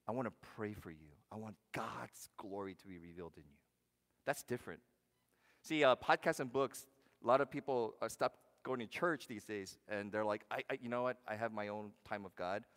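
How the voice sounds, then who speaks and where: A man pastor giving a conversational sermon, asking the congregation questions and swinging between loud, punchy lines and hushed ones. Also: mid-range voice. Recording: long hall reverb.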